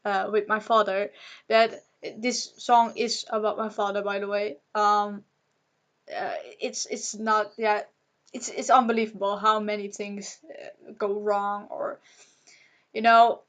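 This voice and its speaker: Slow halting young woman, nervous and upset. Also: mid-range voice, little pitch movement, fairly bright tone. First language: Dutch. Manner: halting, nervous laughs, many fillers; angry and shaken. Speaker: vlogger. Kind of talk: emotional personal vlog.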